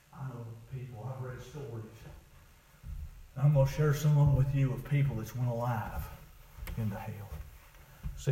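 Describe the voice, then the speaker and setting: A man preaching a fiery revival sermon, dropping to low murmurs and then rising into shouted, drawn-out cries. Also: reverberant, a little hiss or hum.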